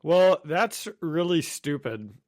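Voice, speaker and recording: A man's voice: a little high, lively intonation, takes it slowly, darkish tone. A man co-hosting a podcast, chatting casually and dropping wry, matter-of-fact remarks. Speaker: podcast co-host, teacher. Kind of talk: casual chat.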